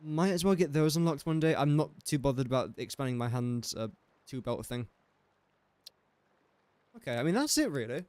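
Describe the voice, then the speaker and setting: A man's voice: fairly high pitch, lively intonation, moderate pace, darkish tone, clean tone, dry recording. A young English man casually thinking aloud while streaming a building game and chatting to viewers. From England. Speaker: gaming streamer. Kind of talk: casual live-stream commentary.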